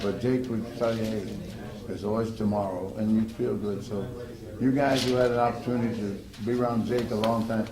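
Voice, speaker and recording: A former ballplayer telling lively anecdotes in an interview, often laughing. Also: male voice, medium pitch, a little fast, reverberant, crowd noise, rough recording. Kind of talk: storytelling interview.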